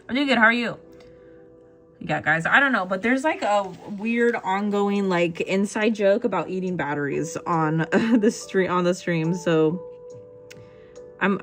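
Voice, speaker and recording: A woman hosting a relaxed art livestream, reading viewers' messages aloud and answering them with frequent giggles. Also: fairly low pitch. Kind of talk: casual chat with viewers.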